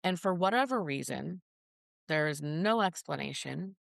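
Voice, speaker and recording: With lively intonation, vocal fry and a low voice, a mother of a child with a rare disease tells her story at a measured pace as a podcast guest. She is earnest and casual and acts out the conversations she remembers. The recording is dry and studio quality.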